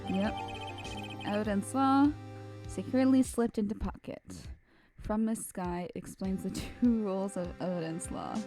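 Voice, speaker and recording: Young woman streamer, easygoing chat over a game, reads the text out loud, faint music behind. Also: mid-range voice, measured pace. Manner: chatty, reads game text aloud, laughs at herself. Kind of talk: casual let's-play commentary.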